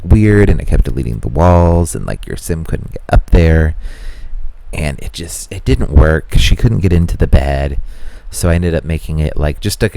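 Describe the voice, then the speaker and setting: A man's voice: a bass voice, gravelly, dark tone, no echo. A man narrating a video voiceover in a casual, rambling way, with lots of fillers as he talks through what he did. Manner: rambling, chatty, many "like" fillers. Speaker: Sims house builder narrating a build.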